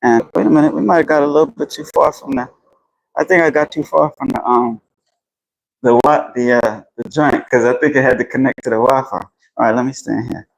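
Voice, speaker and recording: A man rambling casually and profanely on a phone live stream while walking outdoors, getting animated as he talks. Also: mid-range voice, a little fast, gravelly, poor audio. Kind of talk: casual live-stream chat about boxing. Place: outdoors in the heat. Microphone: phone held while walking outdoors.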